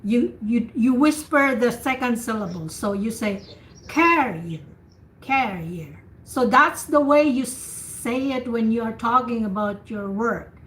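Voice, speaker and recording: A woman tutor leading an online speaking practice class, patiently repeating words slowly to model pronunciation over a video call. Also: on the high side, fairly bright tone. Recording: echoey room with faint noise, video call.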